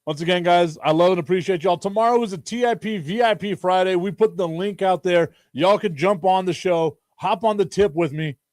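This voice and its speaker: A man hosts a casual sports talk stream, joking and rambling with lots of laughter. His voice sits a bit high for a man. The sound is dry and close, with no room echo. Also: fairly quick, few pauses, a little mellow. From Chicago. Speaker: sports talk show host.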